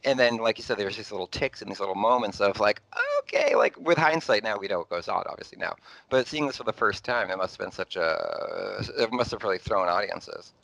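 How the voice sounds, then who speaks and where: Man, lowish voice, rambling casual film chat, dry close sound. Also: a little fast, creaky, dry recording, rough recording. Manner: rambling, animated, lots of fillers.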